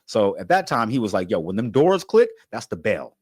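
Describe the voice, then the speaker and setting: A man's voice: lowish voice, moderate pace, breathy edge, dry recording. Bay guy telling a story, voice jumps all over, laughs a lot, dry close sound. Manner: animated, laughing, acts out dialogue. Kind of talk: casual story time.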